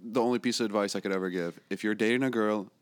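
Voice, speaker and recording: A man's voice: on the low side, fairly even intonation, fast, no room sound. Blunt, opinionated man on a podcast. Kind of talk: casual podcast chat.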